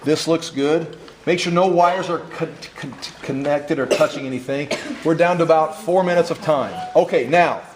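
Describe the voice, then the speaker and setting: A man's voice: on the high side, moderate pace. A man teaching a hands-on wiring class, explaining each step and checking that his students are following. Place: classroom workshop. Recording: echoey classroom, faint noise.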